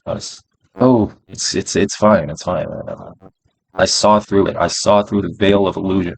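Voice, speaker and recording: A man's voice: sits low, fairly even intonation, normal speed, vocal fry, breathy edge, no echo, low-quality recording. A man streaming his day trades, talking himself through them in a casual, profane way and repeating phrases as he goes. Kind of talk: casual live-stream self-talk.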